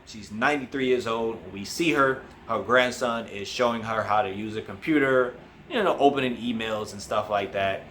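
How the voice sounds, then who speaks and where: A man's voice: medium pitch, a bit bright, slight background noise. A man hosting a casual movie review, retelling the plot and briefly acting out the characters' lines. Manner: acts out quoted characters with quick voice changes.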